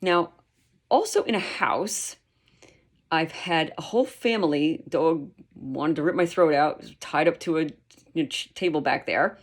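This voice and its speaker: A woman dog trainer explaining her methods in a lively, emphatic way, sometimes acting out quotes. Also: low voice, a little slow. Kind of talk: instructional talk.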